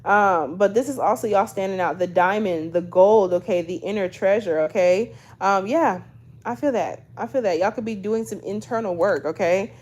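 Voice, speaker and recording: A woman's voice: mid-range voice, normal speed, darkish tone. Chatty young woman reading tarot. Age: 20s. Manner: chatty, keeps adding "okay?" and "y'all", swears casually. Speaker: tarot reader. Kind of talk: casual tarot reading to camera.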